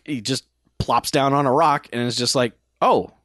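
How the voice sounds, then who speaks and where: A man's voice: mid-range voice, steady tone, moderate pace, fairly bright tone, no room sound, clean studio sound. A man co-hosting a casual podcast, recapping a movie with wry jokes and laughter. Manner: wry, joking asides with frequent laughs. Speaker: podcast co-host.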